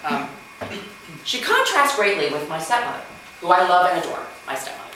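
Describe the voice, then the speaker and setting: A woman's voice: on the low side, huge pitch swings, brisk, bright, forceful tone. A woman in her forties doing open mic stand-up, chatty and self-deprecating, full of fillers and acted-out quotes. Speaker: stand-up comedian. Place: mansion room at an open mic. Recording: very echoey room, far from mic, noisy.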